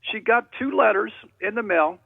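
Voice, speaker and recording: A man's voice: sits high, animated, normal speed, gravelly, husky, no room sound. A man calling in to a radio show, telling rambling, jokey stories over a phone line. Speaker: caller.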